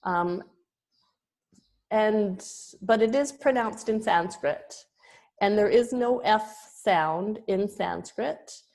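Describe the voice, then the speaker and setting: Slow, hesitant woman giving a lesson. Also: mid-range voice, a little mellow. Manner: hesitant, with frequent ums and restarts. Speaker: yoga teacher giving a presentation. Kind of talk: slow spoken lecture with pauses.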